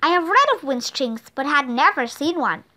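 A woman's voice: sits high, very animated, normal speed, sharp tone, full character voice. A woman reading a storybook, voicing a bookish boy apprentice sorcerer who talks in old-fashioned, formal phrases. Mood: earnest. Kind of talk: storybook read-aloud.

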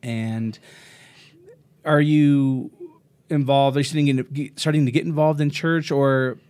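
A man's voice: mid-range voice, steady tone, unhurried, darkish tone. Brief: a male podcast host, easygoing and chatty, feeling his way through long questions. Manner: friendly, rambling questions, laughs along. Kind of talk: casual interview chat.

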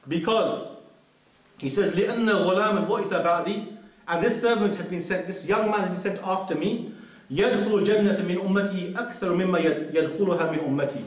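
Man preaching in a very echoey hall. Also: high voice. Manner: earnest storytelling with quoted Arabic recitations. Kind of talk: mosque lecture. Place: large mosque hall. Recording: very echoey hall, speaker far from mic.

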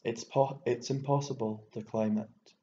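A man's voice: mid-range voice, fairly even intonation, unhurried, warm tone, natural voice. A man voicing an argumentative, stubborn young man who taunts and defends himself, in an audiobook reading. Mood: taunting. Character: stubborn young Irishman, quick to argue. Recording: echoey room, dull lo-fi sound, faint hiss.

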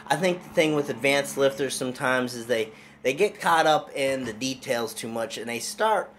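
A man's voice: medium pitch, fairly bright tone, slight background noise. A man hosting a casual strength-training podcast as a coach, talking in an upbeat, loose, conversational way.

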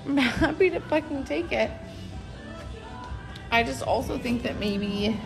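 Slow, confused woman with music behind. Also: a little high, gravelly, poor audio. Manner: slow, confused, swearing, laughing nervously. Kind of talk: late-night talk to camera.

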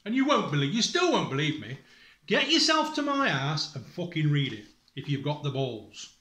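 A man's voice: on the high side, sing-song, moderate pace, bright, forceful tone, roomy sound. A distressed man speaking straight to his family as a father. He is angry and accusing, swears, breaks off his sentences and reads aloud from a school report. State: distressed and emotional. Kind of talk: emotional direct-to-camera appeal, reading from a school report.

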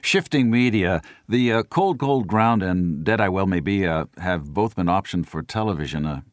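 A male interviewer with a very low, deep voice asks measured, prepared questions. The sound is dry and close, with no room around it. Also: lively intonation, dry recording.

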